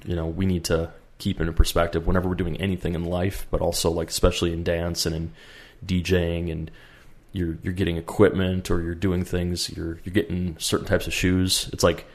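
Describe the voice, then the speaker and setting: A man's voice: sits low, monotone, fairly quick. A man co-hosting a podcast, talking casually and rambling, with many fillers and restarts. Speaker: podcast co-host. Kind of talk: casual chat.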